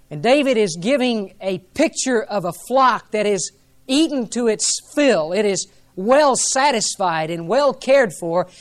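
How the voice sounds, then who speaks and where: Earnest male pastor preaching a sermon. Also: high-pitched. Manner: earnest, reverent preaching with emphatic rises.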